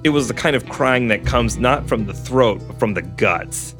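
A man reading a novel aloud in steady first-person narration, with dry asides to a co-host. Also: medium pitch, moderate pace. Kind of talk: storybook reading with casual commentary. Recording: guitar music under the voice.

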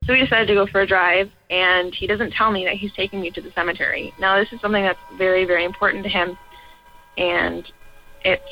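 A woman in her twenties, calling in to tell her own ghost story in an earnest, halting way with trailing restarts. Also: mid-range voice, vocal fry. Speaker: caller sharing a ghost story. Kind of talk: personal paranormal story told to a radio show. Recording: muffled lo-fi audio with faint music.

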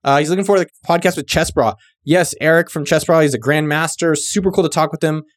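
A man from California, hosting a podcast and giving casual, joking shout-outs to listeners in a laid-back, profane, slangy way. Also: a little high, fast talker, dry recording, studio quality. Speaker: podcast host.

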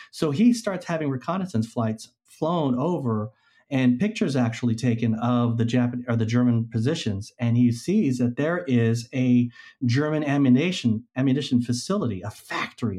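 A man appears as a guest on a podcast, casually recounting a historical story and animatedly acting out the figures he quotes. His voice is medium in pitch and a little fast.

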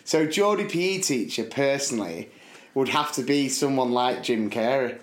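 A man co-hosting a casual podcast, telling stories with lots of laughter and slipping into quick voices. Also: mid-range voice, reverberant. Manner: animated, laughing storyteller who slips into voices. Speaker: co-host.

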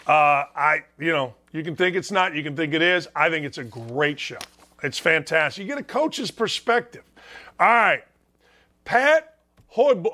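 A middle-aged man delivering an opinionated sports talk monologue in a high voice. His tone is bright and punchy. He wisecracks and hammers each point home by repeating it. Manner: animated, wisecracking, rants with emphatic repetition. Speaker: sports talk show host.

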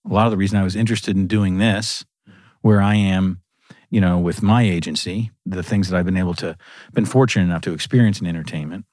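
Deep-voiced man telling rock stories. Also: fast, no room sound, studio quality. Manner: animated storyteller who laughs through his anecdotes. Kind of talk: casual storytelling conversation.

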